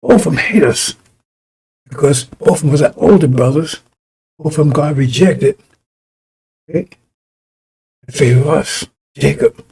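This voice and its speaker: A man's voice: on the high side, unhurried, creaky, long pauses, a little mellow, slightly rough. A man preaching a broadcast sermon in a fiery, rambling way, often repeating and restarting his phrases.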